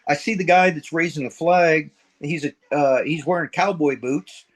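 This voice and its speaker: A man's voice: a little high, fairly even intonation, normal speed. Older male veteran guest, plain-spoken and profane, acts out the dialogue. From middle America. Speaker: interview guest, retired Marine sergeant major. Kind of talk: casual storytelling interview.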